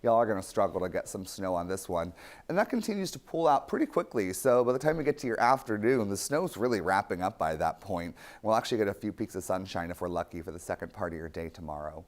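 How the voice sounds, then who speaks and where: A man's voice: low voice, expressive, quick pace. Casual young man giving weather forecast. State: losing his voice. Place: TV studio.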